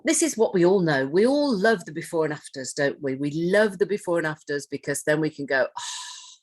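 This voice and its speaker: A woman with a low, husky voice gives a training talk. She speaks conversationally, puts questions to her listeners and often starts a phrase over. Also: animated, brisk, a little mellow. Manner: conversational, asks the audience questions, restarts phrases. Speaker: trainer on hoarding and self-neglect. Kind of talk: training presentation.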